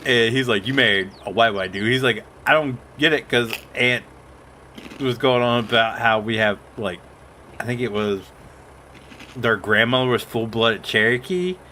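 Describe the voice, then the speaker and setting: Male streamer, bright tone, rambling anecdotal delivery. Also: medium pitch, steady tone, a little slow, slight background noise. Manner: rambling storyteller, quotes others. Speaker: streamer host. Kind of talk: casual gaming chat.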